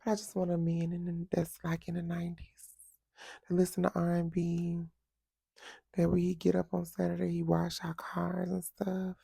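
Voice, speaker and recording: A woman talks straight to camera as a vlog host, sassy and blunt. Her voice sits low and mellow with a gravelly fry, and she takes her time. The sound is close and dry. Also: completely flat delivery, normal speed, no room sound. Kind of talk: casual chat to camera.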